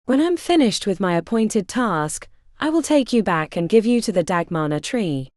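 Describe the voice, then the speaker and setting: A twisted, corrupted fae green man, voiced by a woman narrator in an audiobook, cold and threatening in every word. The voice is dark and mellow, with an odd, altered timbre, recorded close and dry. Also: mid-range voice, lively intonation, normal speed, no room sound, lightly acted. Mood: menacing.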